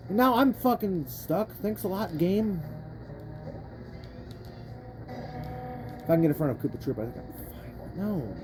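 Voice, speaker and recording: A young woman gives let's-play commentary over faint game music, swearing and complaining in a frustrated rant. Her voice is warm and mellow, yet her pitch swings widely as she cuts herself off and starts again. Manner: angry profane ranting; frustrated, rambling self-interrupting talk. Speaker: gamer playing a kart racing game.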